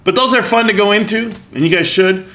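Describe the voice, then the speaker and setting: A man with a slightly higher voice hosts a live stream and chats casually with his viewers. He reads their comments aloud in joking banter and laughs often. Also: a little fast, sharp tone.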